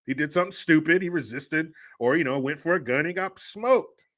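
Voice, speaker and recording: A man's voice: on the high side, a little fast, fairly bright tone. A man hosting a livestream, telling family stories in a joking, crude way and laughing often. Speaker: host. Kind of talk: casual livestream talk.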